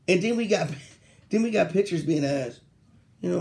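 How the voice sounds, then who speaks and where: A young man hosting a sports talk show, ranting casually with slang, laughing mid-sentence and mocking quoted players in a lower voice. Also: expressive, normal speed, creaky, darkish tone. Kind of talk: casual solo sports rant.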